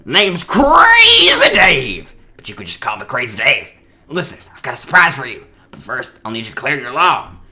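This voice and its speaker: Wild crazy neighbor dude from a game, way high, shrieky, loud and bouncing all over. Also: male voice, wildly swooping pitch, moderate pace, full character voice. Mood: manic. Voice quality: high, strained, shouty cackling delivery. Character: manic eccentric middle-aged male neighbor.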